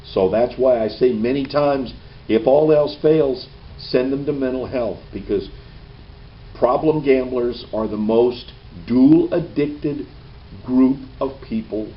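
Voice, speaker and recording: A man's voice: medium pitch, takes it slowly, far from the mic. A man giving a training presentation in a meeting room, folksy and checking in with "okay" after each point. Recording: dull lo-fi camera audio with faint hiss.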